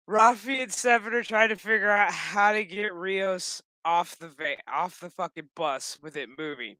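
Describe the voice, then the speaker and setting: This is a man with a high, bright, forceful voice, recorded dry and close with no room sound. He recaps a TV episode in a loose, profane rant. His asides are blunt, sarcastic and exasperated. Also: no room sound. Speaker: show recap YouTuber.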